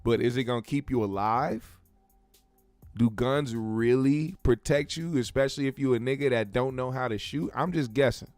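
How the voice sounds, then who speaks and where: A man's voice: medium pitch, normal speed, darkish tone, no echo, faint music behind. A man hosting a show, giving laid-back, joking commentary full of profanity. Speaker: show host. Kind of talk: casual commentary.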